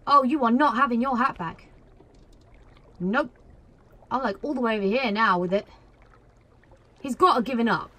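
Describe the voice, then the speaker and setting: A woman commentating her own gameplay in an excitable way, cheering, shouting and laughing at the screen. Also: on the high side, normal speed, long pauses. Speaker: gaming video creator. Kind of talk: let's play commentary.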